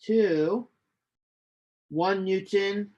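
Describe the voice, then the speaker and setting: A male chemistry lecturer giving a recorded online lecture, unhurried and hesitant, with many ums and restarts. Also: high voice, a little mellow, dull audio. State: losing his voice, coughing.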